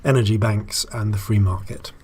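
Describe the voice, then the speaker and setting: A man's voice: lowish voice, steady tone, normal speed, darkish tone, husky. A man hosting a let's play, thinking aloud in casual commentary with wry asides and frequent fillers.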